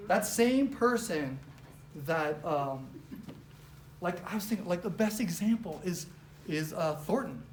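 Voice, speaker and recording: Woman, office trainer, casual pep-talk style, animated and chatty, roomy live room. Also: fairly low pitch, a little slow, slight background noise. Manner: animated, chatty, heavy use of "like", acts out quotes.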